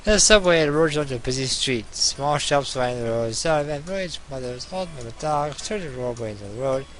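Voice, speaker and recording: Young male let's player, animated reader, quips between lines, soft game music behind. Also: mid-range voice, a little fast. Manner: animated, jumping between narration and jokes. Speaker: let's play host. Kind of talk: reading a visual novel aloud with commentary.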